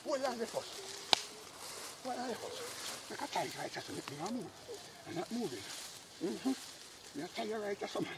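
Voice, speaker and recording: A man's voice: extremely high pitch, expressive, moderate pace, very noisy. A man doing a blustering old Jamaican uncle. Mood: scolding goat. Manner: blustery, boasting, scolding. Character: boastful old Jamaican uncle, proud ex-soldier. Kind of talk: comic sketch acting.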